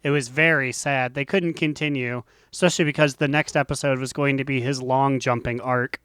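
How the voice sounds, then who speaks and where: A man co-hosting a casual gaming podcast, making deadpan absurd jokes. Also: mid-range voice, brisk, smooth, no room sound, studio quality. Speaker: podcast co-host. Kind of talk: casual chat.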